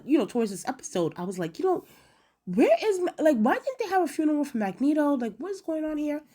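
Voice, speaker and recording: A woman in a casual episode review, chatty and animated, acting out quotes with lots of fillers. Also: fairly high pitch. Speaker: video reviewer.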